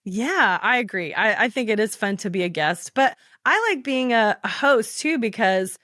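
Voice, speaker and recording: A woman's voice: on the high side, expressive, pushed and bright, dry recording, clean studio sound. A woman with a Southern American accent, hosting a kids' podcast and interviewing a guest in an upbeat, encouraging way. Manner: upbeat, encouraging, quick to laugh. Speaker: podcast host.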